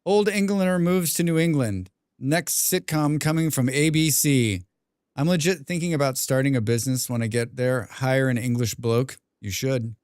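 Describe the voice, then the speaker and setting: A young man streaming a game, chatting casually with his viewers, rambling and clearing his throat often. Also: medium pitch, normal speed, a little mellow, no echo, studio quality. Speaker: gaming livestreamer. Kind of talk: casual livestream chat while playing.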